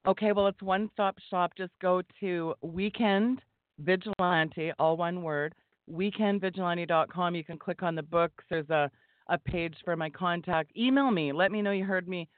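A woman's voice: fairly low pitch, normal speed, no echo. Female guest, exhorting preacher style, phone-quality audio, dry. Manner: emphatic, exhorting. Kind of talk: fervent preaching-style talk. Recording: tinny phone line, dry.

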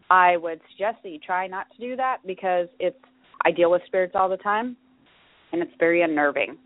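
A woman's voice: on the low side, normal speed, no echo. A woman hosting a podcast, explaining her topic in a chatty way, with fillers and restarts. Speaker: podcast host. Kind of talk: casual solo podcast talk. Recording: dry phone-like audio.

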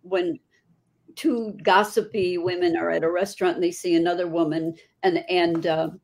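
An older woman, a guest performer, telling lively anecdotes in a casual chat. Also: fairly low pitch, normal speed, gravelly.

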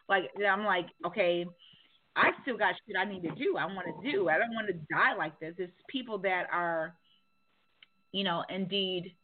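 A woman hosting a call-in radio show, talking frankly in a rambling way with many restarts. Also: medium pitch. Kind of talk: candid call-in radio chat. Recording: tinny phone line.

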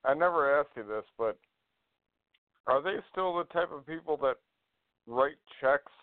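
A man's voice: fairly high pitch, animated, unhurried, no room sound. Man asking questions over a phone line. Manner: asks probing follow-up questions. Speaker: co-host. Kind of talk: casual call-in radio chat.

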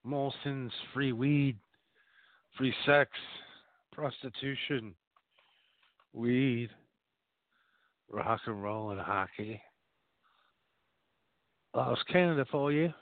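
Male host for a vulgar comic rant, rambling and mock-boastful, mid-pitched, heard over a tinny phone line. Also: extremely slow, long pauses, dry recording. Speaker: radio show host. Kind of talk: crude comic monologue.

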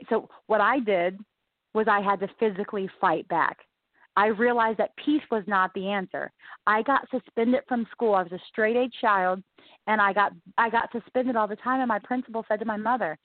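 A Southern American woman with a mid-range voice relates her life story as an interview guest, speaking at a moderate pace with earnest emphasis and frequent repetition. There's no echo, but the line sounds tinny, like a phone.

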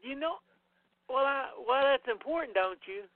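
A man co-hosting a casual movie commentary, blunt and profane, talking in quick bursts with restarts. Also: very high-pitched, lively intonation, no room sound. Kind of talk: casual chat over a movie. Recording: tinny phone-like sound, dry.

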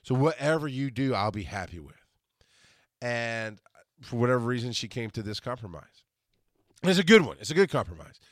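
A man in his forties rambles through a casual solo monologue. He keeps restarting and correcting himself, and he gets animated when he quotes other people. His voice sits in an ordinary middle register and sounds dry and close. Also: medium pitch, normal speed, long pauses, no echo. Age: 40s. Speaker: podcast host.

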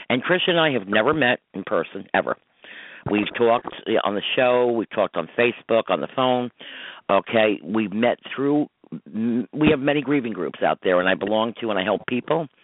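A man's voice: lowish voice, no room sound. A middle-aged man hosting a call-in radio show as a psychic medium, talking in an emphatic, rambling, upset way. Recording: dry tinny phone-line audio.

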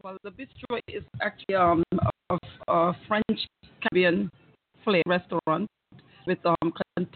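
A woman's voice: lowish voice, steady tone. A woman with an Anguillan accent, a restaurant manager guest, speaking hesitantly with many halts. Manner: hesitant, halting. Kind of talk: casual interview chat. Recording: tinny phone-like radio sound.

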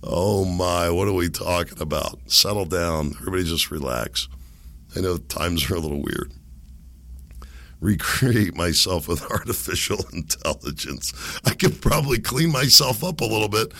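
A middle-aged man hosting a casual solo podcast from a home setup, rambling and laughing at his own jokes, his voice hoarse from being sick. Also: deep voice, animated, normal speed, pushed and bright. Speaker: podcast host. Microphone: desk microphone.

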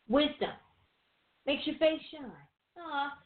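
A woman co-hosting a Christian teaching show, preaching in a loose, conversational way with rhetorical questions and quick asides. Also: medium pitch. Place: room with a few listeners behind the cameras. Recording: tinny phone-like sound in an echoey room.

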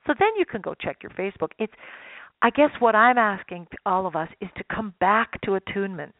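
A woman's voice: medium pitch, brisk, dry recording. A woman guest expert telling stories in a radio interview, acting out little voices as she explains. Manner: animated storyteller, acts out voices. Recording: dry, phone-like line.

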